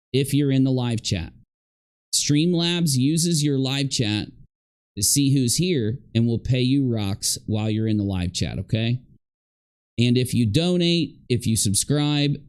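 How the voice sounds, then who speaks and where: A man hosting a live stream commentary, chatty with viewers and openly sarcastic and mocking. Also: medium pitch. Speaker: streamer host.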